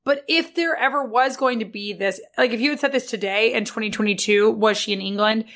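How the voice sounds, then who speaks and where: A woman's voice: fairly high pitch, a little fast, fairly bright tone. Casual woman thinking aloud on a podcast. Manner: loose, thinking aloud with fillers and restarts. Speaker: podcast co-host.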